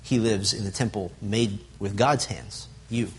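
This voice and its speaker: A man's voice: on the low side, fairly even intonation, measured pace, a little hiss or hum. A man teaching a Bible lesson to a group, stressing lists and asking the room questions. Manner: asks the audience questions, emphatic lists.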